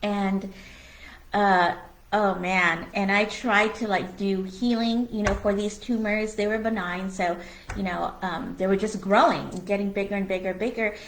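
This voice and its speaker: A woman in a medium voice, talking through a relaxed spiritual conversation as co-host. She is earnest and open, full of "like" and "you know," and blunt enough to swear now and then. The room around her rings with a noticeable echo. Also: medium pitch, measured pace, a little hiss or hum. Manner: candid and earnest, with many fillers like "you know" and "like". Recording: echoey room.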